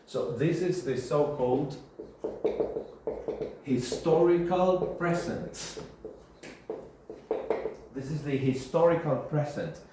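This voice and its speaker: A man's voice: on the high side, slow pace, pauses often, dark tone. A male English teacher giving a classroom grammar lesson, repeating key terms and checking in with his students. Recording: very echoey room, faint background hiss.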